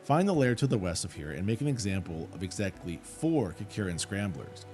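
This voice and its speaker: A man's voice: sits low, sing-song, fairly quick, a little mellow, soft background music. A man reading out a stern woman soldier in a fantasy game, speaking in a formal, commanding way.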